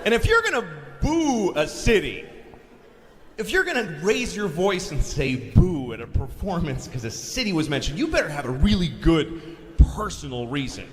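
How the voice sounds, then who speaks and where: A man doing stand-up on a live stage. His pitch sits a little high for a man and swings widely, from dry asides to shouted punchlines. The hall rings with a long reverb, and a faint room hum runs underneath. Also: normal speed. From Boston. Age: 40s. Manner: deadpan, building to loud acted-out bits. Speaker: stand-up comedian. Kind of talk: stand-up comedy set. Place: comedy venue on stage.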